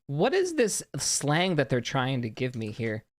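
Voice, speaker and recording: A young adult streamer chatting live, excitable, jumping between mumbled asides and loud outbursts, with keyboard typing behind. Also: mid-range voice, a little slow, no echo.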